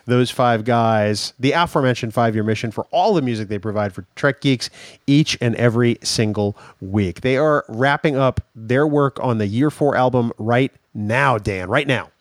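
A man's voice: mid-range voice, normal speed, no room sound, studio quality. A man co-hosting a podcast, chatting casually and wrapping up the show with thanks. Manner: upbeat, wraps up segments. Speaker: podcast co-host. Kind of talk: casual chat.

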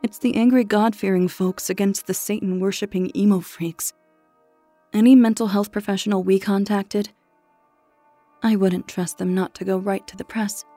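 A woman's voice: medium pitch, fairly even intonation, moderate pace, mellow, faint music behind, close to an everyday voice. A woman narrator voicing a grieving young woman who urgently presses for help. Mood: pleading.

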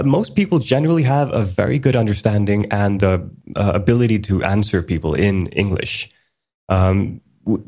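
A man's voice: mid-range voice, darkish tone. A man from Sweden co-hosting a podcast, talking casually with frequent hesitations and fillers. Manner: hesitant, many fillers and restarts. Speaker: podcast co-host.

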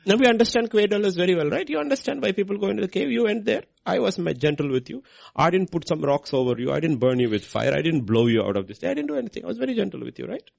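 A man's voice: high voice, sing-song, quick pace, gravelly, darkish tone. A man preaching a sermon, asking his listeners questions and answering them himself.

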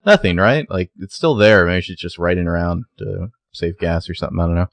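A man's voice: sits low, fairly quick, creaky, no echo. A man co-hosting a podcast, making wry, offhand remarks while recapping a TV episode in casual chat. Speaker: podcast co-host.

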